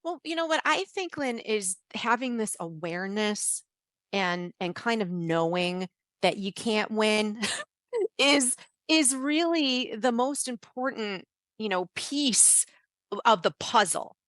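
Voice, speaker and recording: A woman's voice: fairly high pitch, animated, slow pace, a bit bright, no echo. A woman cohosting a podcast, giving casual advice in a rambling way with lots of restarts and fillers. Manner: rambling, many restarts and "you know"s.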